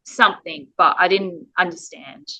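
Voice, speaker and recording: A woman's voice: lowish voice, normal speed, bright, forceful tone, poor audio. A woman from Australia, a parent telling her story in an interview, earnest and emotional with the odd laugh. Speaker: parent guest.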